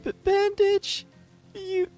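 A man putting on a falsetto to play a teasing young woman, stammering. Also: monotone, slow, a little mellow, faint music behind.

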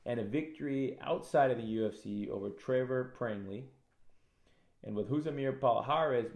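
A man co-hosting a casual MMA betting analysis show, animated and acting out fighters in raised voices. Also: mid-range voice, roomy sound. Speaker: MMA prediction co-host.

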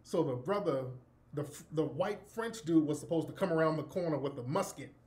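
A man with a notably high speaking voice hosts a radio talk show, casually telling a story. He swears freely, laughs through it and acts out what people said. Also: a little fast, darkish tone. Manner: profane, laughing, acts out quotes.

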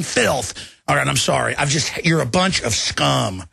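A man's voice: medium pitch, animated, moderate pace, gravelly, breathy edge, no room sound, studio quality. A man hosting a radio talk show, ranting in an agitated, heated way. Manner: agitated, ranting, mimics people in shouted voices. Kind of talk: heated political rant.

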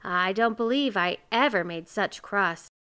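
A woman's voice: mid-range voice, unhurried, pushed and bright, clear, resonant tone. A woman voicing kindly, bossy neighbor women who talk in a coaxing, cheerful way.

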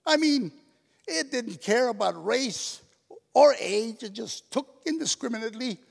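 At a banquet in a hotel ballroom, an older man gives a tearful award speech in a stand-up, storytelling style, sometimes slipping into his mother's voice. His voice is extremely high, gravelly, animated, and unhurried. It's heard through a PA system in an echoey hall.

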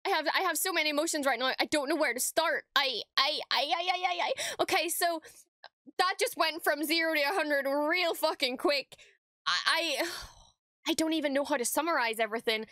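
A woman's voice: high-pitched, normal speed, bright, forceful tone, no room sound, clean studio sound. A woman streamer reacting to a show, gushing and breathless, swearing freely and stammering when overwhelmed. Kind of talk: excited reaction commentary.

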